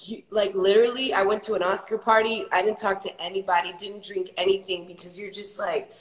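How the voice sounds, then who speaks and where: A young adult woman hosting a casual livestream chat, telling lively stories and acting out the voices of the people in them. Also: mid-range voice, a little fast, reverberant, rough recording. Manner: animated storyteller, acts out quoted voices. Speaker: host.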